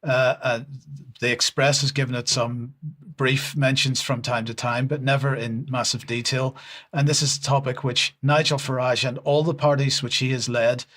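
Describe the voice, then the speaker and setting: A man reads and comments on the news. He pauses often with fillers and slips in dry sarcasm. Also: medium pitch, level tone, a bit bright. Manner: hesitant, sarcastic, many fillers. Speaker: news presenter.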